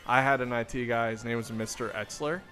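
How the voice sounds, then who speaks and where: Bright-voiced sarcastic man telling stories. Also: mid-range voice, steady tone, soft background music. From northern US. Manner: sarcastic storyteller, quick jokes. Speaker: podcast co-host. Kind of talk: casual chat.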